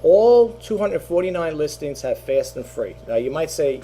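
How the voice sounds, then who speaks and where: Speaking in a fairly high, sing-song voice with a warm tone, this middle-aged man chats to his YouTube channel about his eBay reselling at a moderate pace with few pauses. He rambles, repeats himself and fills his casual monologue with filler words, over a little hiss or hum.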